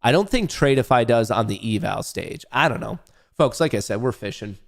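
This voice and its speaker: A young man's medium-pitched voice, lively in intonation and touched by vocal fry, moves at a moderate pace. He hosts a day-trading livestream, giving casual commentary as he jokes, swears, and talks to chat.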